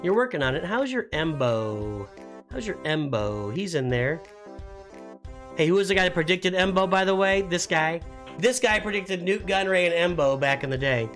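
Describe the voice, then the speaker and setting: A man's voice: high-pitched, animated, normal speed, fairly bright tone, soft background music. A middle-aged man hosting a casual live stream, talking in rambling, self-interrupting bursts.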